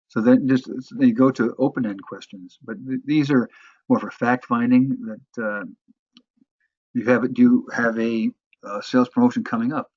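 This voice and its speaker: Man, sales trainer, husky voice, halting lecture delivery, muffled dry lo-fi recording. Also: mid-range voice, steady tone, no room sound. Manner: halting, many restarts and fillers.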